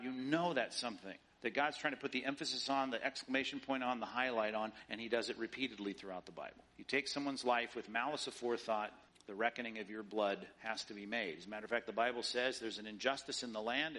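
A man's voice: mid-range voice, pushed and bright. A man preaching a sermon in an emphatic, rhetorical way, often mimicking the views he argues against. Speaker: pastor.

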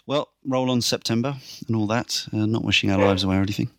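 A male podcast host with a low, gravelly voice, chatty and brisk as he runs through a list with dry asides. He sounds close to the mic in a dead, dry room. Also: fairly bright tone, no echo. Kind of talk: casual podcast wrap-up.

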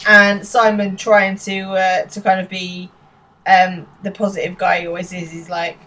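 A woman's voice: mid-range voice, normal speed, rough recording. English woman animatedly retelling a sitcom. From England. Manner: animated retelling, acting out characters' lines. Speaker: podcast co-host. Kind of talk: casual chat recapping a show.

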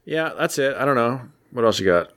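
A man's voice: medium pitch, lively intonation, a little fast, a bit bright. A man co-hosting a podcast, casually recapping a comic book in a jokey, rambling storytelling way. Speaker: podcast co-host.

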